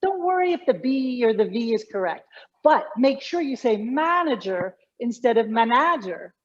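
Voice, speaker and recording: A woman's voice: on the high side, big pitch swings, moderate pace, warm tone, lo-fi sound. A middle-aged woman, a communication coach, explaining her work animatedly in an interview, often restarting her sentences. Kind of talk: conversational interview.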